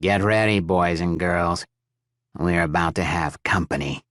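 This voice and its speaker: A man reading an audiobook, voicing a blunt, gruff, sardonic tough man. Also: low-pitched, a little slow, fairly bright tone, dry recording, studio quality. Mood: grim.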